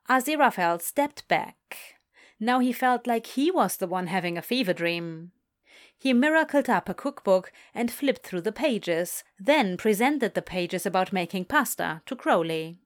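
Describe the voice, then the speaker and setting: A woman reading a fan fiction story aloud in a slow, lilting storytelling voice. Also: mid-range voice, lively intonation.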